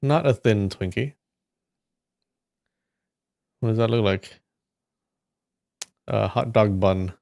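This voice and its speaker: Male stream host, unhurried amused musing, dry close sound, middle pitch. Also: gravelly, a little mellow, dry recording. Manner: musing, amused, trailing asides. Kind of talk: casual chat while tasting snacks.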